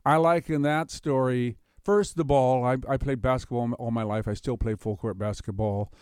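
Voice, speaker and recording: A man being interviewed as a storyteller, talking in a halting way with many restarts, lively when he tells a tale. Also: mid-range voice, clean tone, dry recording, clean studio sound. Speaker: storyteller guest. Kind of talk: interview with told stories.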